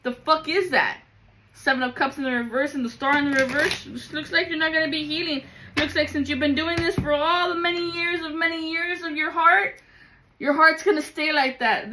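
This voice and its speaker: Higher-voiced woman doing a casual tarot reading, blunt and emphatic, swears a lot, calls u baby. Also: normal speed, noisy background. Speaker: tarot reader.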